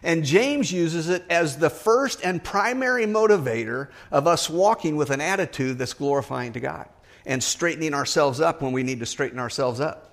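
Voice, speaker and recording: A middle-aged man preaching a sermon, earnest and emphatic, rising higher on the words he stresses. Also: animated, normal speed.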